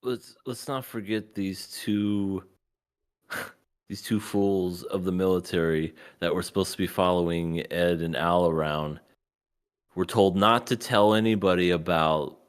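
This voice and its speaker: A man's voice: low-pitched, measured pace, clear, resonant tone. A man co-hosting a podcast in casual chat, joking and telling stories. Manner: joking, animated storytelling with laughs. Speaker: podcast co-host.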